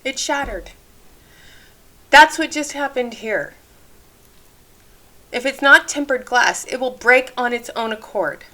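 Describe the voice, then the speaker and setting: A channel host reacting to a live-stream clip, chatty and candid as she hands out safety advice. Her voice sits a little high and sounds bright and forceful. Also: animated, slow pace, pauses often. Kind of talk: reaction commentary.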